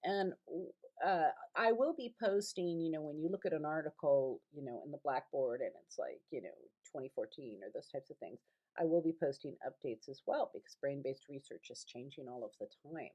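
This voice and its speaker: Low-voiced middle-aged woman lecturing casually. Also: a little fast, a little mellow, lo-fi sound. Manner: rambling, conversational, with many fillers and restarts. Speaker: college instructor. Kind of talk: recorded online lecture. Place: her family home.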